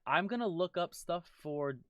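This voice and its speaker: A man's voice: high voice, lively intonation, normal speed, clear, resonant tone, dry recording. A man running a tabletop game, talking casually and upbeat, often repeating himself. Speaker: game master. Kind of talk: wrapping up a tabletop game session.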